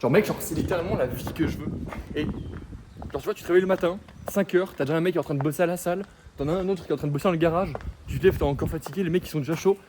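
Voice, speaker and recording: A French man talking excitedly in a casual vlog, swearing freely. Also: fairly high pitch, racing. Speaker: vlogger. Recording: clear background noise.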